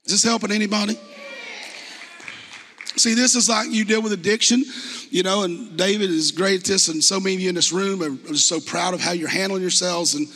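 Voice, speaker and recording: In the sanctuary, a pastor preaches with a steady tone at a fairly quick clip, his pitch high and sharp with some huskiness. His sermon feels conversational but impassioned, packed with rhetorical questions, and the hall adds a long echo.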